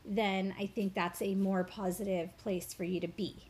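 Sharing a childhood memory and her faith, a woman spiritual teacher tells her story earnestly in an interview, with fillers and repeated words. She speaks at normal speed in a steady, medium-pitched, darkish, slightly rough voice.

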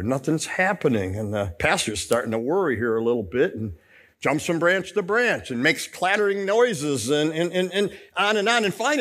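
Lively-voiced man preaching a sermon. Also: a little high. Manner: animated preaching with rhetorical questions. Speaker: pastor.

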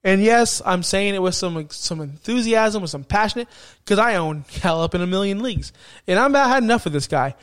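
Man, podcast host, high voice, heated emphatic rant, swears. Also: animated, brisk, fairly bright tone, clear, resonant tone. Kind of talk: fantasy football podcast rant.

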